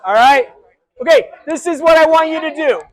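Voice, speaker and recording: A man giving a live motivational keynote, energetic and interactive, calling out to a big audience in a large hall. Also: extremely high pitch, moderate pace. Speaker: keynote speaker.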